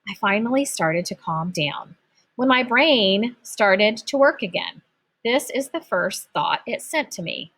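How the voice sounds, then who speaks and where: A woman narrating a children's book aloud in an expressive storytelling manner. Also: medium pitch, a little slow. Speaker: audiobook narrator.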